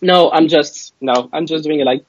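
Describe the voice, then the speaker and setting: Husky French-accented man, dull sound. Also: fairly high pitch, normal speed. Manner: animated, laughs often, restarts sentences. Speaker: guest magician. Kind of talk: live video interview chat.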